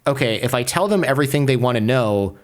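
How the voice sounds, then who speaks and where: A man being interviewed, telling a story in a lively, casual way and peppering his speech with "like". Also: mid-range voice, fast. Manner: animated, acts out quoted voices, many filler "like"s. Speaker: podcaster guest.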